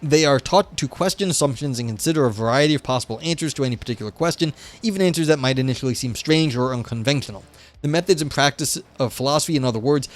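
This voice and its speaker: A young man hosting a live stream, reading a philosophy paper aloud and breaking off into skeptical, offhand commentary. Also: mid-range voice. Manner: reads aloud, then breaks off into wry, skeptical asides. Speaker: livestream host reading a paper.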